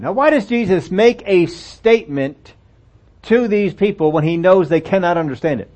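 A man's voice: high voice, animated, moderate pace, darkish tone. An older man preaching a sermon, reading scripture aloud and breaking into folksy, self-deprecating asides. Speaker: pastor. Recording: dull lo-fi sound.

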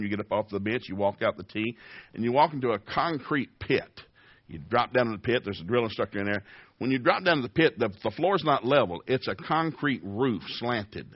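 Older male preacher, folksy storyteller with a mid-pitched voice, dry and slightly dull recording. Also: no echo. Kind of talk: sermon. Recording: dull lo-fi audio.

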